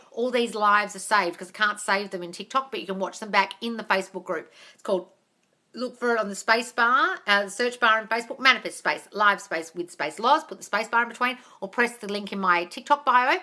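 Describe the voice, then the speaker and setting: A woman hosting a live question-and-answer stream as a manifestation coach, blunt and brisk, swearing freely and sounding exasperated. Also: mid-range voice, sharp tone.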